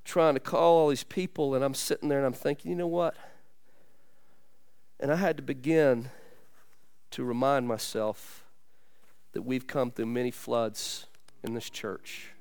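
A man's voice: mid-range voice, steady tone, unhurried, creaky, pauses often, darkish tone, smooth, dry recording, clean studio sound. A man preaching a sermon as pastor, earnest and conversational, with asides to the congregation. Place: church.

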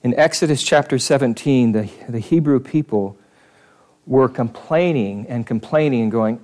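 A man, a pastor, leading an interactive Bible study, animated and questioning the room, shifting his pace. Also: mid-range voice, moderate pace.

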